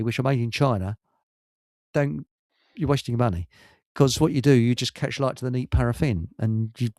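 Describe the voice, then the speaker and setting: A man's voice: mid-range voice, no room sound, studio quality. A man hosting a live stream show, telling rambling anecdotes in casual chat and laughing at his own stories.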